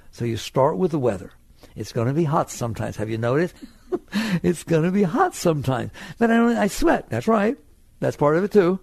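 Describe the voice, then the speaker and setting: An older man speaks as a spiritual teacher, gravelly and a little high-pitched, with a lively voice that leaps up and down. He keeps asking his listeners playful rhetorical questions and laughs often. The sound is dry and close. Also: no room sound. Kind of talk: spiritual talk to an audience.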